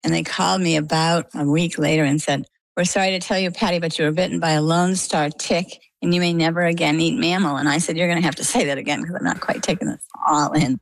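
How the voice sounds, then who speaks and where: A middle-aged woman from Maine tells her own story in an interview, acting out the voices of the people in it. Her voice sits low with a gravelly edge. The sound is dry and close. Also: quick pace, hardly any pauses, dry recording, poor audio. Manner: animated storytelling, acts out quoted dialogue. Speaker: interview guest.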